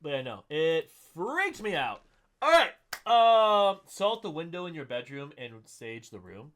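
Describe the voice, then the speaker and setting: A man with a high voice that leaps around as he hosts a podcast. He talks in a loose, unscripted way and swears freely. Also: lively intonation, a little slow, a bit bright. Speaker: podcast host. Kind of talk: casual chat.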